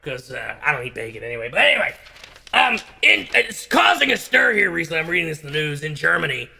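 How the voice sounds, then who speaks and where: A bombastic talk-show ranter, as a man impersonates him speaks in a gravelly, raspy, high-set voice that erupts into shouting. He stumbles through fillers and then booms out his outrage. The tone is sharp and forceful. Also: very animated, heavily acted. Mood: ranting. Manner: blustering, bursts into shouting, halting filler-heavy rant. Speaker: comedian doing a parody rant. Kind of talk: comedic impression rant.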